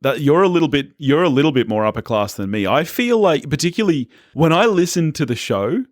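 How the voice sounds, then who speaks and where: Australian man, podcast co-host, lively up-and-down voice, dry close sound, laughs a lot, casual film chat. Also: fairly high pitch, fairly quick, no echo. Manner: chatty, laughs often, animated.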